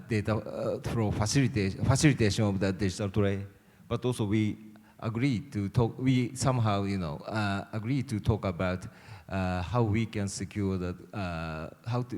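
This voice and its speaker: Low-voiced guy on a panel, lots of uhs and pauses, echoey hall. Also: darkish tone. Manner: hesitant, searching for words, many fillers. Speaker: panelist, government official. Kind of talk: answering a question on a panel. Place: conference hall. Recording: reverberant conference hall.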